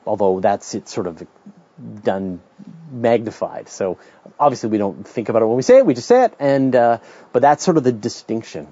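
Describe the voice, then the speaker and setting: A middle-aged man with a Canadian accent talks through listener questions in a relaxed, off-the-cuff way, often restarting his sentences and adding asides. His voice is mellow and dark, recorded close and dry, with a slightly dull, lo-fi sound. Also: lowish voice, no echo. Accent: Canadian English. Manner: chatty, thinks aloud with restarts and asides. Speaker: podcast host answering listener questions. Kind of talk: casual explanatory talk.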